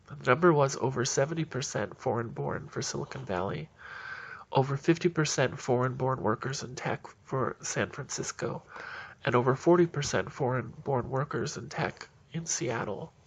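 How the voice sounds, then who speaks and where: Gravelly man ranting indignantly. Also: medium pitch, expressive, normal speed. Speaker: political commentator. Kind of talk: solo political commentary.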